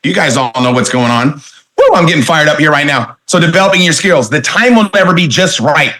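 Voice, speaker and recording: A middle-aged man revs up a seminar room, hammering his points home with repeated phrases and quick questions to the crowd. His voice is bright and forceful, pitched a little high for a man, and he pushes each line with real conviction. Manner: energetic, emphatic, repeats phrases and asks the audience questions. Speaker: motivational sales trainer. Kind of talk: motivational seminar talk.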